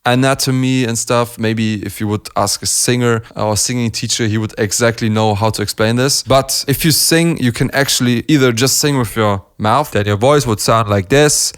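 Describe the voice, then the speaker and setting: A man's voice: mid-range voice, steady tone, moderate pace, hardly any pauses, clear, resonant tone. Enthusiastic man. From Germany. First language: German. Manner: enthusiastic, laughs often, demonstrates sounds. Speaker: beatbox reaction host. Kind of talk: casual analysis commentary.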